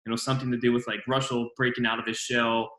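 A male podcast host with a bright voice talks fast and casually, rambling through his questions. He fills his speech with "like" and "I mean." His voice is recorded in an echoey room. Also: mid-range voice, flat delivery. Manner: rambling and quick, full of "like" and "I mean". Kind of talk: casual interview chat.

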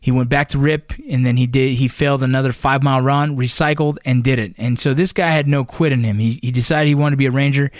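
Ex-Ranger man, mid-pitched, dry close sound, swears freely, loose storyteller. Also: fairly even intonation, quick pace, few pauses, dry recording. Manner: blunt and profane, with many fillers. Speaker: former Army Ranger. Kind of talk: casual storytelling.

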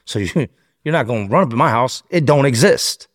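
A man telling a first-person story as a podcast guest, animated and slangy, acting out other people's lines as he goes. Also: medium pitch, brisk, dry recording, clean studio sound. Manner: animated storyteller, slangy, acts out quoted voices.

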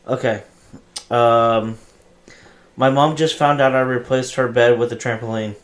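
A man's voice: mid-range voice, steady tone, measured pace. A man in a casual chat among friends, teasing dryly and telling dad jokes.

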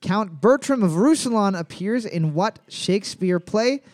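A man's voice: high-pitched, animated, measured pace, a little mellow. A man hosting a bar trivia night, reading out questions and cracking crude jokes between them. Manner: joking, crude asides. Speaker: trivia host.

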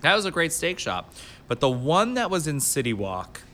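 A man's voice: on the high side, big pitch swings, moderate pace, a bit bright. A man hosting a casual podcast, telling rambling stories and swearing freely. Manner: profane, rambling storyteller. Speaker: podcast host.

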